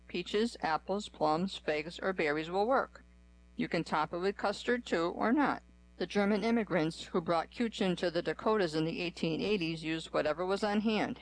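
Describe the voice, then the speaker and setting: A radio reader working through a magazine article in an even, measured way, pausing between the items of a list. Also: medium pitch, low-quality recording. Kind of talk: scripted reading of articles.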